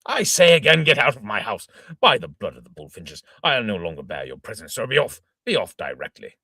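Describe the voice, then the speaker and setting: Casting: a man playing a fuming old father, bright edgy tone, wildly swooping delivery, husky. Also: fairly low pitch, big pitch swings, brisk, no room sound, studio quality, heavily acted. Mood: indignant. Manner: sputtering oaths, exclaiming, shouting indignantly. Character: blustering old gentleman father, hot-tempered. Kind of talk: amateur reading of an old stage farce.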